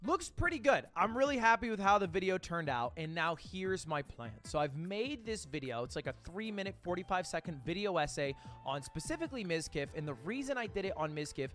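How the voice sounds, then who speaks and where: A man's voice: high-pitched, sing-song, fairly quick, a bit bright, soft background music. A man narrating his own vlog, upbeat and confident with a self-deprecating edge. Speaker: YouTuber.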